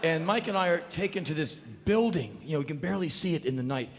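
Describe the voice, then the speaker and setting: A man telling a comedic spoken word story on stage, punchy and animated. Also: fairly high pitch, fast, background noise. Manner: animated, punchy, bursts into shouts. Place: stage in a large hall. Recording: long hall reverb, live show.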